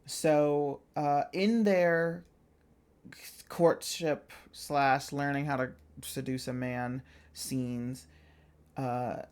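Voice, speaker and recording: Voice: medium pitch, steady tone, drawn-out words, darkish tone, clear, resonant tone. A casual video essayist talking at length, chatty and blunt, full of "like" and "um" fillers and the occasional swear. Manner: chatty and filler-heavy, with frequent "like" and "um". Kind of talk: casual commentary monologue.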